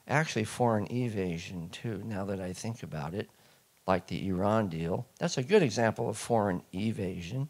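A man giving a public talk, emphatic and quizzing the audience with questions. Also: medium pitch. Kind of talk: public lecture to a live audience.

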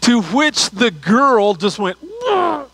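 A man's voice: on the high side, animated, moderate pace, a bit bright, no echo, faint music behind, rough recording. A man preaching a sermon as pastor, telling a funny story with asides before turning to scripture.

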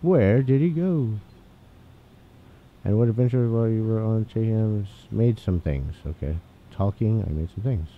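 A man casually commenting on a game he is playing, chatty and excitable, reading the on-screen text aloud. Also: on the low side, brisk. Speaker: gaming channel host. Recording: tinny phone-like mic, faint hiss.

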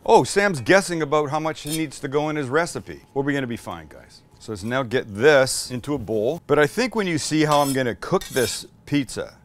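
A man's voice: medium pitch, lively intonation, brisk, hardly any pauses. Playful man cooking at a griddle. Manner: playful, teasing, chatty. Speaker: cooking show host. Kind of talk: casual cooking demo.

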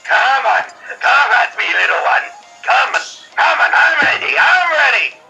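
A very high, swooping voice from a performer playing a gloating boy fighter who hurls insults and yells taunts. The tone is bright and cutting, and the delivery is unhurried even when it gets loud. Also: creaky, dull audio, soft background music, full character voice. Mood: taunting. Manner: taunting, shouting insults between laughs. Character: foul-mouthed, gloating young male fighter. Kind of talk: comedic voice acting over gameplay.

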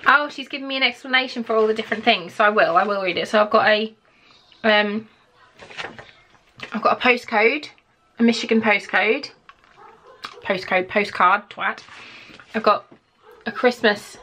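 A woman with a British accent, chatting to camera as she unboxes gifts in an excitable, gushing way full of gasps. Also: fairly high pitch, moderate pace, long pauses, slight background noise. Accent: British English. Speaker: vlogger.

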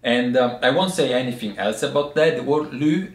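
Man, tea teacher, patient explanations with pauses, medium pitch, roomy echo. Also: lively intonation. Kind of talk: language and tea lesson. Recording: roomy echoey room.

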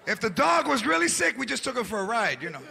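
A man's voice: very high voice, sing-song, quick pace, creaky, background noise. A man doing stand-up comedy on a theater stage, telling stories animatedly with Spanish asides. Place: theater stage before a live audience. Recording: live stage with loud crowd.

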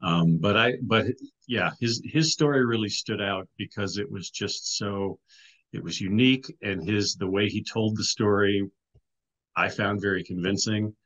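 Middle-aged guy, kinda low voice, chatty storytelling w lots of "you know"s. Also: measured pace, fairly bright tone, muffled recording. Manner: conversational, many restarts and "you know". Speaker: podcast guest, author and filmmaker. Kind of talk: casual interview storytelling.

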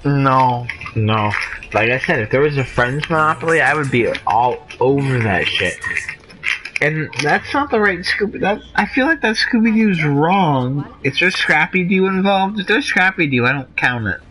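A man's voice: a little high, expressive, moderate pace, low-quality recording. A drunk man with a Canadian accent, rambling and giggling through casual chat while playing a game. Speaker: gamer streaming with friends.

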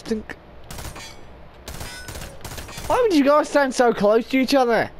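A young woman commenting on her gameplay, swearing and bursting into loud excited outbursts. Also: high voice, brisk. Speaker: gaming video creator. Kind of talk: let's play commentary.

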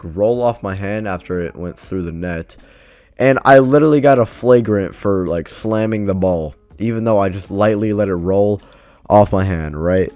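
Low-voiced man telling a profane story. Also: dry recording. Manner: profane, exasperated, rambling. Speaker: vlogger. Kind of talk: casual storytime.

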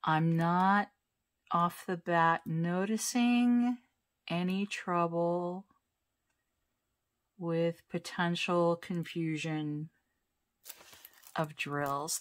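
A woman chatting casually at home as she unboxes diamond painting kits. She talks in a self-deprecating way, laughs often and thinks out loud. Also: lowish voice, drawn-out words, pauses often. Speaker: crafting vlogger. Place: home crafting space.

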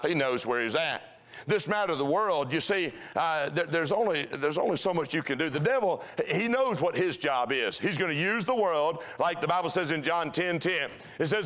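A man's voice: a little high, lively intonation, normal speed, a bit bright. A man preaching a sermon in a church, folksy and storytelling, with repeated rhythmic phrases. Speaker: pastor. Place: church sanctuary.

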